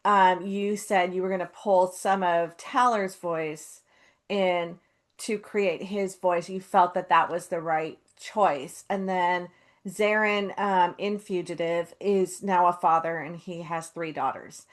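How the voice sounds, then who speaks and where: A woman co-hosting a casual chat, speaking thoughtfully with frequent pauses and fillers. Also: lowish voice, fairly even intonation. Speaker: co-host.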